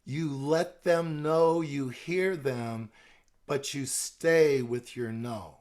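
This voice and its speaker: A middle-aged man giving a calm, gentle talk on stress management, using examples. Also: medium pitch, extremely slow. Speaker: speaker on stress management and palliative care. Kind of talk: educational talk with role-play examples.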